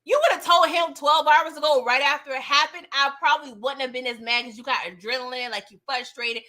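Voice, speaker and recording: A woman casually recapping a TV episode in slangy, animated talk, laughing often. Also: high voice, moderate pace, few pauses. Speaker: TV recap host.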